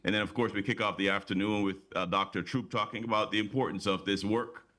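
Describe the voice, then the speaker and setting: Bright-voiced deep man promoting a conference. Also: steady tone, fast talker. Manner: eager, promotional, repeats words while building up. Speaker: conference organizer, guest. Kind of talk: studio interview.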